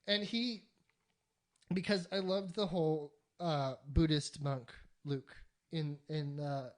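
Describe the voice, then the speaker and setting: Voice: mid-range voice, fairly even intonation. Profane, rambling podcast talker. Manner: profane, rambling, acts out quick mock voices for characters. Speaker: podcast co-host. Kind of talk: casual podcast chat.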